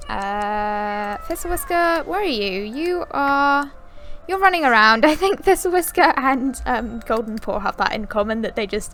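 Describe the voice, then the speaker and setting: A young woman with a slightly high voice chats her way through casual gameplay commentary. She speaks straight to her characters and wanders with fillers and restarts. Soft music plays faintly in the background. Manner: chatty, talks directly to her game characters; rambling with frequent fillers and restarts. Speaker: gaming video creator.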